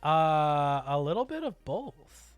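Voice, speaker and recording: A man's voice: a little high, very animated, slow, clear, resonant tone, no room sound, faint music behind. Chatty male streamer yelping mid-game. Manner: chatty, yelps and exclaims at game events. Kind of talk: casual gameplay chat.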